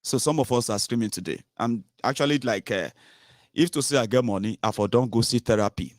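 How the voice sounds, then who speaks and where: A Nigerian man rants in a casual, animated monologue, mixing in Pidgin and Yoruba phrases. His voice sits at a middle pitch. The sound is dry and close, with no room echo. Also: fairly quick. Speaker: political commentator.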